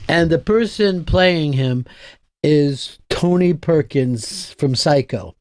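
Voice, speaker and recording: A man hosting a podcast in casual chat, telling rambling anecdotes and breaking into loud mock quotes. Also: fairly high pitch, animated, slow. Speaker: podcast host.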